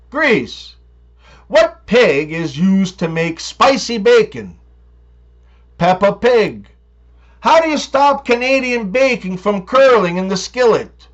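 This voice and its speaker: A man with a high-pitched, very animated voice delivers one-liners and short comic tales. His tone is sarcastic and playful. The recording sounds slightly muffled and lo-fi. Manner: lively, sarcastic, shifts pitch for characters in jokes. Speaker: comedian telling jokes. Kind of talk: joke telling.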